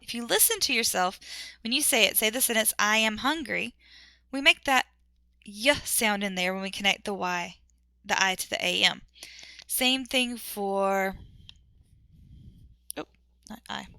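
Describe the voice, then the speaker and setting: A woman teacher talks through an English lesson in a chatty, self-interrupting way, often slowing down to say words one by one. Her voice is bright and a little gravelly, and the recording is dry and close with no room echo. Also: mid-range voice. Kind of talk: casual teaching vlog.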